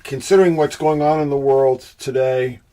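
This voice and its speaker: A man's voice: medium pitch, steady tone, normal speed, dark tone. Breathless, congested man thanking livestream viewers. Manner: hesitant, many fillers, thanks viewers by name; insinuating, rhetorical asides. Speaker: host of a livestream presentation. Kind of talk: casual livestream chat, reading viewer comments.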